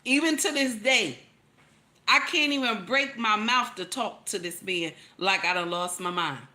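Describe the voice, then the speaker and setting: A woman's voice: medium pitch, measured pace, sharp tone. A woman, giving casual, preachy relationship commentary, emphatic and repetitive, calling out to her listeners. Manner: emphatic, repeats lines, calls out to listeners.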